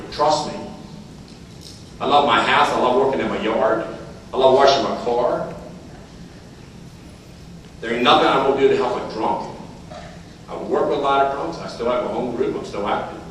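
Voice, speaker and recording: An older man tells folksy stories at a recovery meeting, chuckling and repeating phrases as he goes. His voice is medium in pitch and fairly bright, with a little hiss or hum. He sounds distant, picked up from far off in a very echoey hall.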